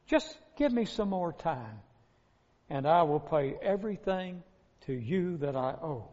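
A man's voice: fairly high pitch, sing-song, a little slow, a little mellow, voice pushed down. A male preacher voicing a poor male debtor begging for more time, in a dull recording with long hall reverb. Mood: pleading. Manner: pleading.

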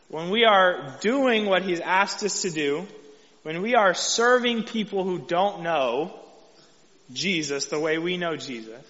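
A man's voice: a little high, pushed and bright. A male preacher with a Texan accent giving a casual, conversational sermon, often checking in with "right?". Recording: echoey hall, dull lo-fi sound.

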